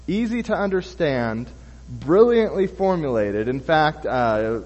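A man's voice: on the high side, darkish tone, long reverb tail, low-quality recording. A man giving a sermon, reading scripture and then explaining it loosely, with many fillers and restarts. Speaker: preacher.

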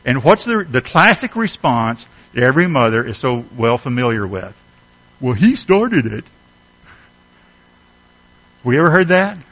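Lively, emphatic man preaching a sermon. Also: medium pitch, fairly quick, few pauses, poor audio. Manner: earnest, emphatic preaching with rhetorical questions. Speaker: pastor.

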